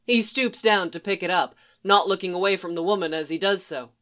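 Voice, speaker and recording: Low-voiced woman reading fan fiction. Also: a little fast, sharp tone, clean tone. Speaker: fanfic audiobook reader. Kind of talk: scripted narration.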